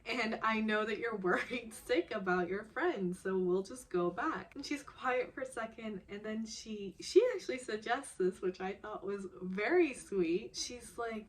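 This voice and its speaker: Young woman, casual recap vlogger, slow pace, emotional and giggly. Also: a little high. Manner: emotional, giggly, acts out quotes.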